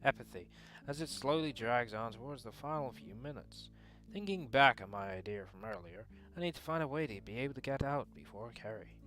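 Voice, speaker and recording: A man reads a visual novel aloud as dramatic, earnest first-person narration, slipping in his own dry asides. His mid-range voice has a fairly bright tone and a fairly quick pace.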